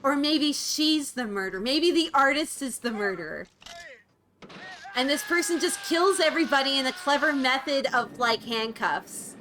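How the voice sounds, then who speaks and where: While streaming and watching trailers, a woman chats casually with her viewers, excitable and talkative, sprinkling in plenty of "like" and "oh, shucks." Her voice sits high at a moderate pace, the recording is low quality, and trailer and game music play in the background.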